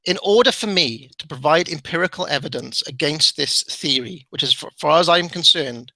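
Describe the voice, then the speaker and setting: Exasperated man, sharp bright voice. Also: fairly high pitch, normal speed, no echo, low-quality recording. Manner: exasperated, keeps cutting in. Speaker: debater attacking a theory. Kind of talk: heated online debate.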